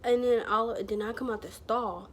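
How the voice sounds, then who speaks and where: A woman's voice: fairly high pitch, steady tone, moderate pace. A woman vlogger telling a personal story to camera, rambling and chatty, full of fillers and slang.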